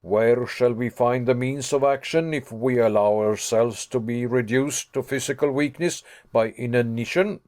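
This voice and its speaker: A man's voice: medium pitch, normal speed, few pauses, a little mellow, close to an everyday voice. A man voicing a composed older professor who speaks firmly and lectures. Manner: firm, lecturing.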